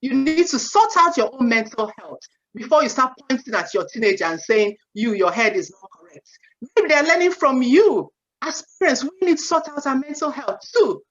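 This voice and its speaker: Woman in her forties, a seminar speaker on parenting, lively and chatty, acts out quotes, high voice. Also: moderate pace, hardly any pauses. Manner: animated, acts out parent and child quotes, frequent "you know". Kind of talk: parenting talk. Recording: dull lo-fi sound.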